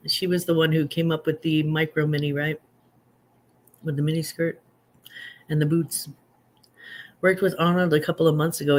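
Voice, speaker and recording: A woman in her fifties hosting a casual livestream, chatting, joking at her own expense and answering viewer comments as she reads them aloud. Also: low-pitched. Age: 50s. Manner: self-deprecating and joking. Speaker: livestream host. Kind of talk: casual live chat.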